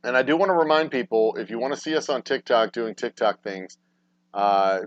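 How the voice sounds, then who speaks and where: A man hosting a casual livestream talk show, swearing freely and swinging between low, mumbled asides and loud, exasperated rants. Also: brisk, dry recording. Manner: profane, ranting, swings from mumbling to loud outbursts. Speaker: podcast host. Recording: dry, dull lo-fi sound.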